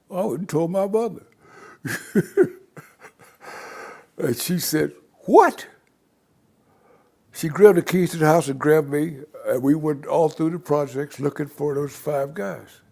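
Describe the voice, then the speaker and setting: A man's voice: fairly high pitch, steady tone, moderate pace, vocal fry, dark tone, slightly rough. An older man, a guest in an interview, telling long, rambling stories from his life and acting out the voices of the people in them. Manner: rambling anecdotal storyteller who acts out quoted voices. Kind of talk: storytelling in an interview.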